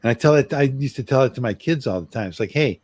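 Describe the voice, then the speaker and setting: A middle-aged man coaching on communication, acting out an apology in an earnest way and slowing down for emphasis. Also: medium pitch, animated, a little mellow. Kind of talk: role-played apology demonstration.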